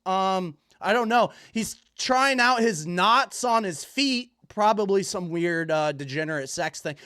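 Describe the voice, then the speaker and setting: A man's voice: high voice, lively intonation, unhurried, pushed and bright, clean tone. A man hosting a livestream, giving profane, incredulous commentary as he reacts to online posts. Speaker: livestream host.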